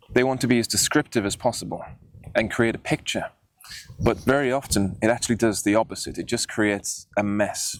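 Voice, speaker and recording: A man's voice: lowish voice, no room sound. A young man hosting a writing video, explaining mistakes in his old story in a plain, self-critical way. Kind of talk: casual teaching monologue.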